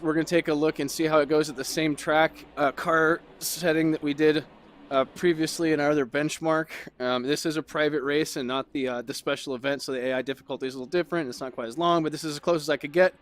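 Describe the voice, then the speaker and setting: A middle-aged man giving casual, excitable commentary as he drives a racing simulator, talking in bursts with lots of fillers. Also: on the high side. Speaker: sim racing YouTuber. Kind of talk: casual commentary while driving.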